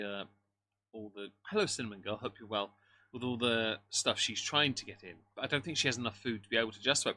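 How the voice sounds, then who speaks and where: A man's voice: medium pitch, pushed and bright. A man giving live reaction commentary on a stream, making dry, mocking remarks while greeting his chat. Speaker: livestream commentator.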